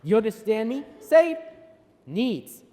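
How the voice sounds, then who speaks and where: A student actress as a bossy, shrill schoolteacher. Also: female voice, very animated, slow. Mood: demanding. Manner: theatrical, commanding, snaps and shouts orders. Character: strict bossy woman schoolteacher, shrill and threatening. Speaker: drama club student actor. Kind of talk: high school stage play. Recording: echoey auditorium, from a distance.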